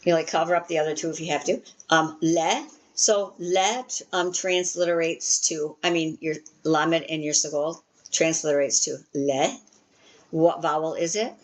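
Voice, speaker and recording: A woman with a deep, low voice leads a small language class. She walks through the lesson patiently, filling pauses with ums and restarting sentences as she goes. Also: fairly even intonation, rough recording. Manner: patient, filler-heavy, restarts often. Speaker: Hebrew teacher. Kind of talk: casual class teaching.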